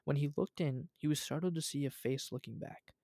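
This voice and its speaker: A man's voice: a little high, fairly quick, gravelly, dry recording, studio quality. Young man reading a story aloud. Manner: relaxed, laughs at his own reading. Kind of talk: casual chat and story reading.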